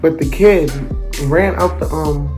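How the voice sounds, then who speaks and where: A young man narrating a storytime vlog in an animated, dramatic, slangy way. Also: fairly high pitch, measured pace, music in the background. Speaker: vlogger.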